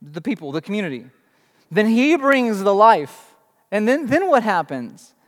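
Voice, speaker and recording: A man's voice: sits high, big pitch swings, measured pace. Dramatic man preaching in an echoing hall. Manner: dramatic, emphatic storytelling with rhetorical questions. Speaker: pastor. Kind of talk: sermon. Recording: long reverb in a large hall.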